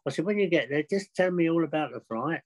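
An older man with a slightly high voice tells his flying stories in a chatty, excitable way. His voice sounds dry and close, with no room around it. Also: fast talker, dry recording, rough recording. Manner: chatty, excitable, laughs often. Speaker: podcast guest. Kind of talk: anecdotal storytelling.

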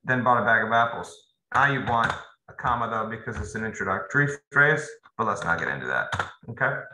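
A man's voice: mid-range voice, animated, a little fast, pushed and bright. A young man teaching a casual grammar lesson, loose and conversational, talking straight to his students. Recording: roomy echo, faint noise.

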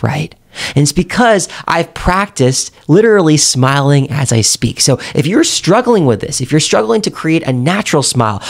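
A man's voice: on the high side, vocal fry. A man coaching on how to connect with people, speaking straight to the viewer in an emphatic, demonstrative way. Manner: animated, emphatic, addresses the viewer directly. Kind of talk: direct-to-camera teaching.

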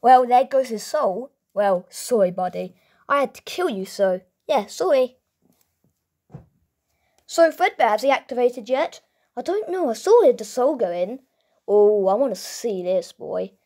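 A woman narrating and voicing an improvised toy role-play in a playful, excitable way. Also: a little high, a little slow. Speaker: toy video performer.

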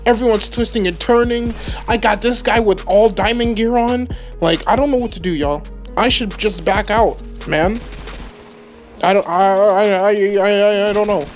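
A woman calls a shooter match live as a gaming channel host. Her voice sits in a middle register, with quick excitable rambling and bursts of trash talk at her opponents. Faint game music plays behind her. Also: medium pitch. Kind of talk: live gameplay commentary.

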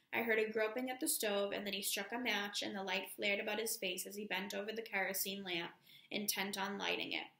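A woman teacher reading a novel aloud to her class at a steady pace, calling out each page number. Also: medium pitch, gravelly, reverberant.

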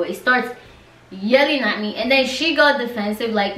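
A young woman from Nigeria telling a story to her viewers in a casual monologue, lively and direct, with a lot of "like". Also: a little high, moderate pace, recorded from a distance. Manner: animated, talks straight to viewers, lots of "like". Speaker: vlogger. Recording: roomy sound, mic set back from her.

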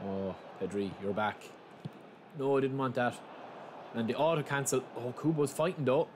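A young man hosting a gaming channel, talking casually through a live match and breaking into loud, excited shouts. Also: mid-range voice, normal speed. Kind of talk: live gameplay commentary. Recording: steady background noise.

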